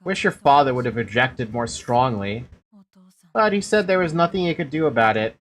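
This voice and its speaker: A woman's voice: rumbling low, lively intonation, normal speed. A woman voicing a weary middle-aged mother who apologizes and grumbles about her husband, read from game dialogue. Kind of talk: reading game dialogue aloud.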